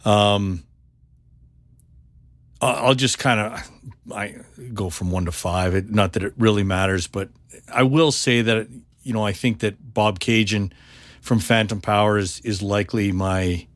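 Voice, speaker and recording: A man's voice: fairly low pitch, a little slow, dry recording. A man hosting a casual podcast chat, often repeating words as he gathers his thoughts. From Canada. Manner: stammering, repeats words while thinking. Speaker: podcast host.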